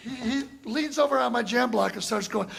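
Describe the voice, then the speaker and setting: A man teaching a drum masterclass, telling a long story in an animated way and acting out other people's voices with shouts. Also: very high voice, normal speed, creaky, soft background music. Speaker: drum clinician. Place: college classroom before an audience.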